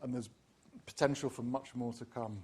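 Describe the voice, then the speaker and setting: A man's voice: mid-range voice, fairly even intonation, normal speed, a little mellow, breathy edge. A middle-aged man lecturing on classics to teachers, speaking in a discursive way with frequent ums and restarts. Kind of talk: university lecture.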